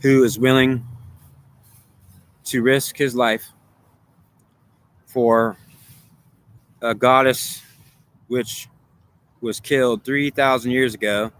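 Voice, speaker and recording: Man with a bright, forceful voice, rambling. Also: medium pitch, fairly even intonation, slow, pauses often, clean tone. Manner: repetitive, circling back on his own points; argues with himself in questions and answers. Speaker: spiritual speaker. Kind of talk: rambling spiritual monologue.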